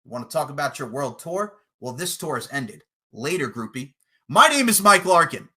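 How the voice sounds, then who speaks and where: A man's voice: on the high side, sing-song, moderate pace, bright, forceful tone. A man with a brash, boastful manner, cutting a profane, taunting wrestling trash-talk promo as a podcast personality.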